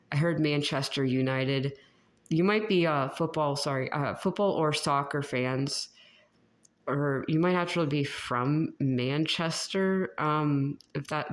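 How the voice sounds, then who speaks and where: A woman talking casually through a tarot reading for viewers, rambling, restarting her sentences and laughing often. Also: low-pitched. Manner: many fillers and restarts. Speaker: tarot reader.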